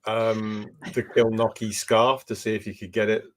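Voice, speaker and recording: A man's voice: on the low side, flat delivery, normal speed. A man co-hosting a sports podcast, talking casually and with strong opinions, laughing easily. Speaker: podcast co-host.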